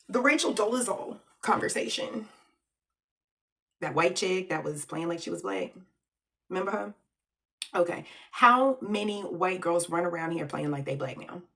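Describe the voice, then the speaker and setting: A woman's voice: on the low side, a bit bright, far from the mic. A woman from the United States giving blunt, slangy opinion commentary in a vlog, laughing often and taking asides. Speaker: vlogger.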